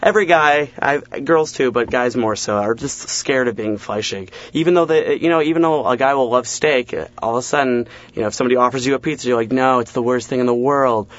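A man's voice: mid-range voice, fast, few pauses. A young man, a comedian guest in a casual interview, rattling off stand-up jokes with acted-out asides and self-deprecating laughs. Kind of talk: casual interview chat, telling stand-up bits. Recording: dull lo-fi sound.

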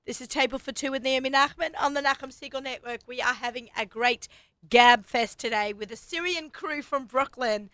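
A middle-aged woman with an Australian accent hosting a radio talk show, chatty and quick to laugh. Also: high-pitched, bright, forceful tone, dry recording. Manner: chatty, laughs often, does little voices when quoting. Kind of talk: casual chat.

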